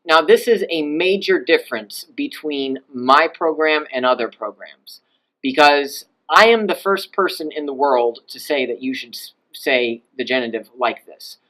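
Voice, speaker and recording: A male language teacher giving a recorded lecture over slides, explaining patiently and voicing example phrases to show how his pitch rises and falls. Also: a little slow, fairly bright tone, poor audio.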